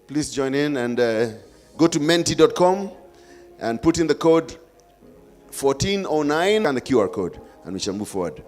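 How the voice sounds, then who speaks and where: A man's voice: fairly high pitch, lively intonation, normal speed, darkish tone, soft background music. A man with a Kenyan accent hosting a live forum, coaxing and playful with the audience. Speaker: event host.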